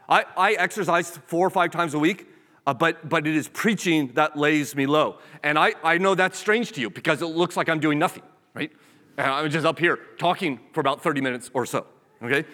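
A man's voice: a little high, pushed and bright. A man preaching a sermon as pastor, earnest, often repeating words and acting out small quoted scenes. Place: church sanctuary. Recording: long hall reverb.

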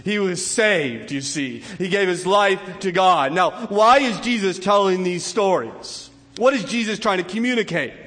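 A man preaching a sermon in a church, telling a story with acted quotes and his voice swinging high and low. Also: lively intonation, unhurried, few pauses, a bit bright. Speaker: pastor. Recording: long hall reverb.

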